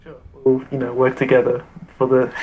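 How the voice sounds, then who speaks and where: Relaxed joking man playing a tabletop game. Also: mid-range voice, a little fast, phone-quality sound, faint music behind. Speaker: player. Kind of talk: casual tabletop play.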